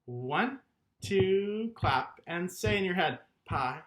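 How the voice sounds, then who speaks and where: Male kindergarten music teacher, animated pitch, slow deliberate delivery, encouraging. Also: a little hiss or hum. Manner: animated, encouraging, chants rhythms and claps along. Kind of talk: online music lesson for young children.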